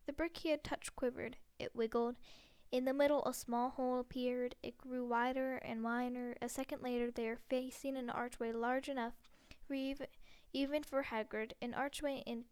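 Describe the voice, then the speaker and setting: A woman's voice: high voice, flat delivery, normal speed, few pauses, a little mellow, clear, resonant tone. A woman reading a novel aloud, stumbling over and repeating words now and then. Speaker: reader.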